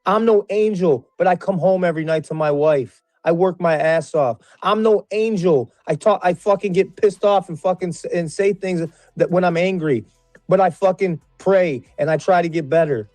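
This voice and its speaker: A man's voice: moderate pace, no echo, soft background music. Furious, cursing man ranting. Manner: angry, profane, repeats himself, voice climbing high when shouting. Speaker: panel guest. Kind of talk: heated livestream panel rant.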